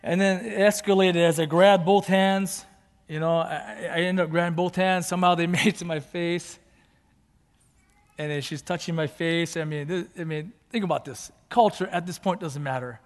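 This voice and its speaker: A male pastor preaches in a relaxed storytelling way, dropping Japanese phrases into his talk and building to fervent emphasis. His voice sits a bit higher than most men's. It rings with a long reverb from a church sanctuary. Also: moderate pace. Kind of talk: storytelling sermon.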